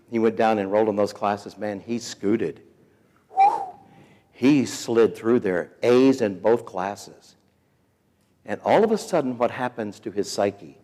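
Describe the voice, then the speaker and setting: A man in his fifties telling a story as a sermon to students, folksy and animated, acting out the people he quotes. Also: medium pitch. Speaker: week of prayer speaker. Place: school chapel or auditorium. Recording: hall reverb.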